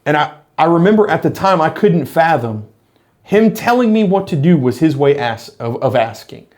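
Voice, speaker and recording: A man's voice: on the high side, big pitch swings, normal speed, darkish tone. A middle-aged man, a former police officer, talking earnestly in a reflective monologue to camera, explaining his points with frequent restarts.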